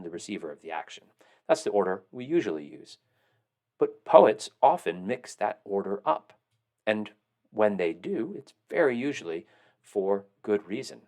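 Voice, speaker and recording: Low male teacher voice, explanatory lecture delivery, rhetorical questions. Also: darkish tone. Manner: explanatory, asks questions and answers them. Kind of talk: recorded classroom lecture.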